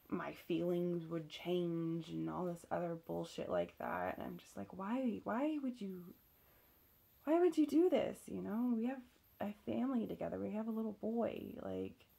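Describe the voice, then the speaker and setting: A woman's voice: on the low side, gravelly, dark tone, slightly rough. A young woman candidly telling a personal story, swearing freely and using lots of fillers. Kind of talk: casual storytelling.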